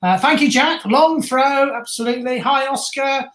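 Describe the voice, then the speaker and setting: A man's voice: very high-pitched, normal speed, fairly bright tone. A man with a Birmingham accent chats casually through a football watch-along stream. He reads viewer messages and answers them as he goes. His voice carries a roomy echo. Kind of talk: casual live-stream chat.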